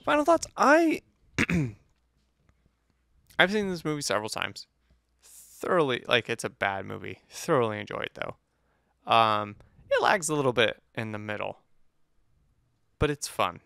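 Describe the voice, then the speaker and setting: Man, low voice, gravelly, casual playful podcast chat, dry close sound. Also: lively intonation, normal speed, bright, forceful tone, no room sound. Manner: playful, teasing, lots of fillers. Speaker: podcast co-host. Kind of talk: casual movie review chat.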